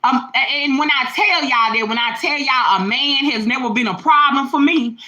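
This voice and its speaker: Lively, bright-voiced woman storyteller. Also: high-pitched, moderate pace, low-quality recording. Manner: animated, laughing, swearing, addresses viewers as y'all and baby. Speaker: livestream host. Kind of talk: casual storytelling to viewers. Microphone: phone or webcam livestream.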